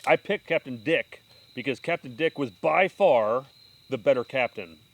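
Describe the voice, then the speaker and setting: A man's voice: mid-range voice, moderate pace. A young man, host of a podcast, telling fishing stories in casual chat and acting out voices. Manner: animated, acts out voices in anecdotes. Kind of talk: casual storytelling.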